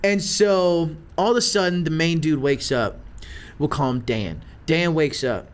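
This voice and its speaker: A young podcast host casually recounts a wild story in an unhurried, smooth voice on the high side. He's animated, swears a lot, and says "like" constantly.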